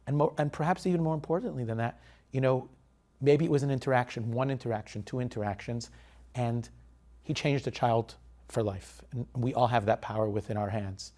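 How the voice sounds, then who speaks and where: A man moderating a panel discussion in an ordinary mid-pitched voice. He speaks haltingly, restarting words as he invites the others to share. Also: darkish tone.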